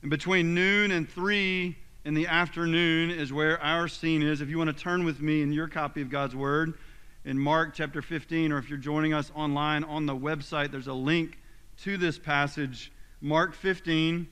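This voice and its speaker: A man's voice: on the high side, steady tone, normal speed, sharp tone, smooth. Man preaching in a reverberant church. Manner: emphatic, dramatic scripture reading. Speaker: pastor. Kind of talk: sermon. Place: church sanctuary. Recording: long reverb of a church hall.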